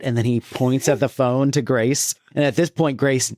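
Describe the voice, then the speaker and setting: Male co-host, laid-back, quick to laugh, casual swearing, dry close mic. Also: medium pitch, fairly even intonation, a little mellow, dry recording. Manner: laughs often, loose and swearing, trails off. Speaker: podcast co-host. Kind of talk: casual movie-review chat.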